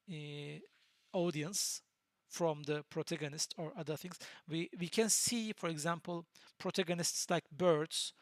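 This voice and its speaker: Patient lecturer. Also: male voice, high voice, a bit bright, no echo. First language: Turkish. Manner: patient, explanatory, pauses to search for words. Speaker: university lecturer. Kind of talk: recorded lecture.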